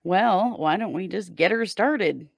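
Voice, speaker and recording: Hoarse female podcast co-host, gravelly, animated delivery. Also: medium pitch, measured pace, dry recording, studio quality. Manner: upbeat, animated host intros. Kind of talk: casual podcast chat.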